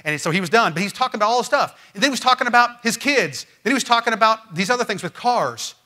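A man preaching a sermon as pastor, emphatic and swinging from loud, rising lines to quiet ones. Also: high voice, expressive, fast talker. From Missouri. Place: church.

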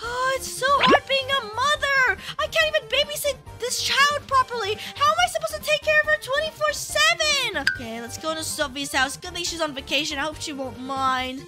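A chatty young-sounding woman acts out a fretful soon-to-be mother in a casual game role-play. Her voice is extremely high and bounces up and down. Loud music plays under her voice chat. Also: animated, brisk, hardly any pauses. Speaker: channel host playing an expectant mother.

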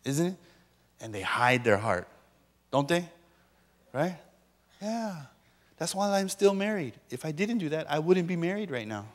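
Animated joking pastor in a big hall. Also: male voice, fairly high pitch, a little slow, long pauses. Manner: animated, joking, acts out quoted voices. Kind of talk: sermon. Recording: long reverb of a large hall.

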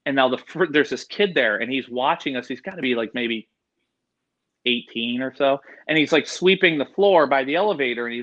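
A man, an animal expert, telling rambling, animated stories in a casual interview. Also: a little high, highs cut off.

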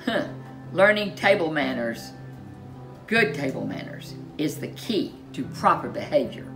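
A woman's voice: deep voice, very animated, unhurried, over music, heavily acted. A woman voicing a polite, scheming male goblin who talks in a prim, formal way in a storybook reading.

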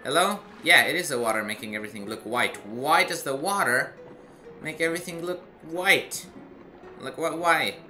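A man's voice: fairly high pitch, moderate pace, sharp tone, soft background music. A man doing casual gameplay commentary, chatty with self-mocking asides. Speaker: let's play gamer.

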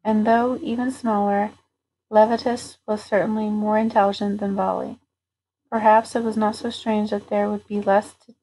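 A woman narrating a novel aloud at a steady, even pace. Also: mid-range voice, a little hiss or hum, poor audio. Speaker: audiobook reader.

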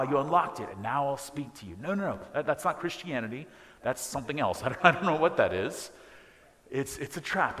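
A man teaches a parish class in a relaxed, conversational way, tossing in quick jokes at his own expense. His voice sits at an ordinary pitch. A long reverb from the church room hangs behind every phrase. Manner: conversational, self-deprecating, with quick joking asides. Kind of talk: informal teaching talk in church.

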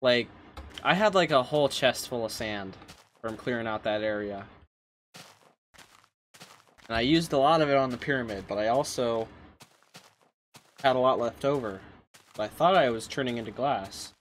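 A man's voice: medium pitch, normal speed, pauses often, a little hiss or hum. A man streaming a game on a headset mic, chatting casually, swearing and joking at his own expense, with game music behind. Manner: crude, self-mocking, swearing. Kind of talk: casual livestream commentary.

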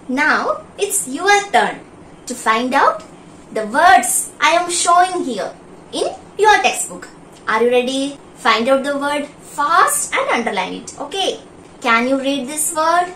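A woman's voice: high-pitched, expressive, fairly bright tone. A woman teaching an online primary school class, reading a story aloud and coaxing children through a list of words. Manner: slow, deliberate, coaxing, questions to children. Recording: roomy and distant, faint background hum.

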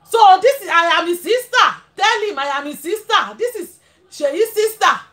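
A woman's voice: extremely high pitch, expressive, normal speed, a bit bright, pitched above the performer's own voice. Woman putting on an insistent unschooled Nigerian sister.

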